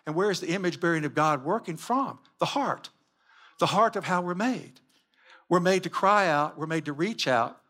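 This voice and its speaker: A man's voice: sits high, lively intonation, moderate pace, bright, forceful tone. A man giving a sermon-style teaching with slides, emphatic and full of repeated rhetorical questions. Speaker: Christian teacher.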